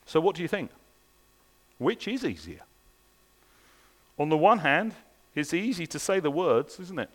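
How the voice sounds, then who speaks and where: A man's fairly high, a bit bright voice moves briskly through a church sermon, echoing with the long reverb of a big hall. Earnest in tone, he keeps pushing the congregation with one rhetorical question after another.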